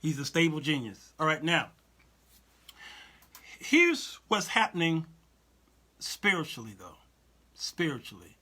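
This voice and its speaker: Talk show host: bright, animated man; repeats himself, keeps asking "you understand?". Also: a little high. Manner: animated, repetitive, asks listeners "you understand what I'm saying?"; reads and answers viewer comments aloud. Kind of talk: casual Christian talk show commentary.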